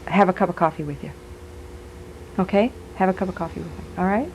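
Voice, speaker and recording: A woman's voice: on the low side, fast talker, creaky, a little hiss or hum, low-quality recording. A woman giving a live stage reading as a psychic medium, chatty and giggly, passing on messages aloud.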